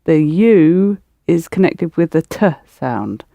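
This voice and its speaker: A woman language teacher with a low, gravelly, dark voice speaks slowly yet with big swings in pitch, recorded in a dry studio. She patiently explains her spoken-method lesson step by step, coaxing learners to repeat after her.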